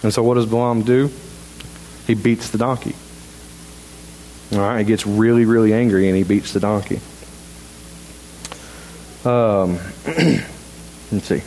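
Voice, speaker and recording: A man preaching a sermon in a church in a halting, conversational way, full of restarts. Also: fairly low pitch, steady tone, darkish tone, slight background noise, poor audio. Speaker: pastor. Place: church sanctuary.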